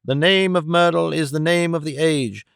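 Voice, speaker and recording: A man reading an audiobook voices a pompous, self-important elderly gentleman in a stately, measured way. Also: a little high, vocal fry, clear, resonant tone, no echo, studio quality.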